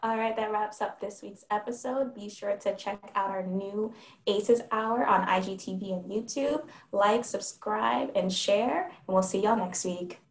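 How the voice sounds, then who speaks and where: A woman hosting a podcast as she closes out the episode. She speaks slowly in a gravelly voice, and a roomy echo hangs around the sound. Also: mid-range voice. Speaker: podcast host. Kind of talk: show outro.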